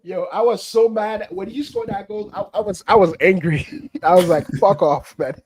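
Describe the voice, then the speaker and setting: Excitable dude on a footy fan show, higher voice, keeps repeating himself. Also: male voice, normal speed, slight background noise. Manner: animated, laughs while talking, repeats himself. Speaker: football podcast co-host. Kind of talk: heated fan debate.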